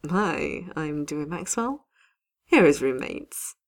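A woman's voice: deep voice, expressive, slow. A woman voicing a playful, cheeky young man who speaks in a breezy, teasing way.

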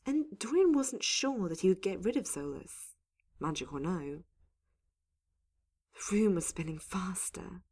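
Woman narrating audiobook, unhurried even reading, low voice, very slow pace. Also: husky. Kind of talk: audiobook narration of fan fiction.

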